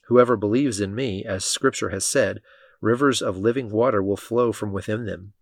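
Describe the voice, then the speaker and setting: A man reading a calm male teacher. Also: lowish voice, normal speed, gravelly, no room sound, clean studio sound. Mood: solemn. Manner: plain read-aloud voicing.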